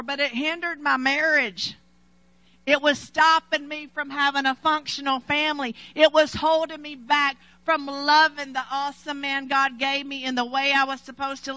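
A middle-aged woman preaching a sermon, telling a personal story dramatically, swinging from loud to hushed and laughing between lines. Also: sits high, no room sound, poor audio.

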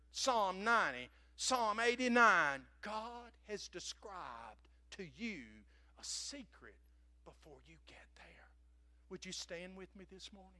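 A man preaching a sermon to his congregation, dropping to whispers and building to shouted praise, repeating phrases for emphasis. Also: high voice. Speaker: pastor.

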